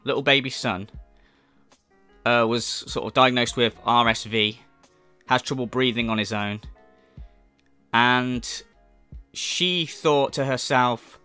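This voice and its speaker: A man's voice: mid-range voice, unhurried, long pauses, pushed and bright, dry recording, soft background music. A man ranting in commentary, exasperated and profane, incredulous at what he describes. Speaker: commentary video host.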